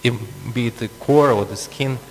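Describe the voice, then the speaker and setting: A man with a mid-range voice speaks at a normal speed while preaching a scripture class in a temple hall, explaining with asides and chuckling often. The recording has a long reverb and a faint hum.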